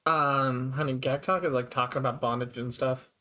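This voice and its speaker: Playing a farming game alongside a friend on stream, this man talks at normal speed in a mid-range voice, with slight background noise. The chat is laid-back, full of laughter and restarts that trail off.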